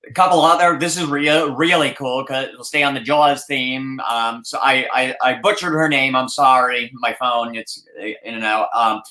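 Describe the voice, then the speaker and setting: This man hosts a loose podcast chat, his voice bright and forceful. He rambles and often restarts his sentences. The sound is roomy and echoey. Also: mid-range voice, fairly even intonation, moderate pace, hardly any pauses. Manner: rambling, many fillers and restarts. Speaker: podcast host.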